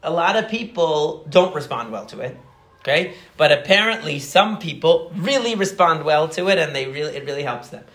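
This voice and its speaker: Youngish guy rambling through a psych explainer, kinda high voice, echoey room. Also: lively intonation, normal speed, a bit bright. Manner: chatty, many fillers, rambling asides. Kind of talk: casual conversational explanation.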